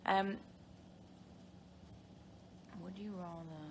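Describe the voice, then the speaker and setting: A woman's voice: fairly low pitch, fairly even intonation, very slow, darkish tone, a little hiss or hum. Chatty giggly British young woman. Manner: chatty and giggly, rambling with many fillers. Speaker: live-stream host answering viewer questions. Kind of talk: casual live-stream chat.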